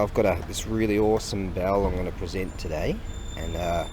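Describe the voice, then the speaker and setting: A man's voice: mid-range voice, a little mellow, a little hiss or hum. A man chatting casually outdoors near a hardware store, rambling and laughing often. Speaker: vlogger and online seller. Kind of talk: casual chat.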